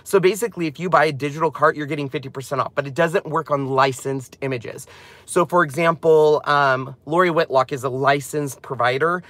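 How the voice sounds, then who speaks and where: A man presenting a craft channel, chatting casually and rambling excitedly as he walks through a product. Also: a little high, brisk, dry recording.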